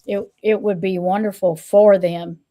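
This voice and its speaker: A woman hosting a casual livestream chat, who repeats her phrases, greets viewers and reads out their comments. She is still a little hoarse. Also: mid-range voice, steady tone, a little slow, mellow. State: recovering from hoarseness. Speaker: stream host and tarot reader.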